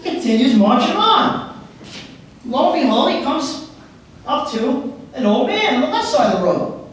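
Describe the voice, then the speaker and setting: High-voiced man speaking in an echoey hall. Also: normal speed, slight background noise. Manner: lively storyteller who acts out characters. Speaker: motivational speaker. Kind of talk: live presentation with storytelling. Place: public library meeting room before an audience. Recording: very echoey hall recorded from far off.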